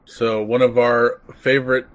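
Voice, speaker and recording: A man's voice: mid-range voice, little pitch movement, a little slow. A man co-hosting a podcast, chatting casually in a laid-back, matter-of-fact way. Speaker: podcast co-host. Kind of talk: casual chat.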